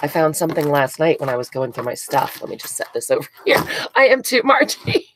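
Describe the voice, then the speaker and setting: A woman's voice: low voice, quick pace, background noise. A woman hosting a craft live stream, chatting casually with viewers and gushing with frequent giggles. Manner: giggly, gushing, reads out chat names.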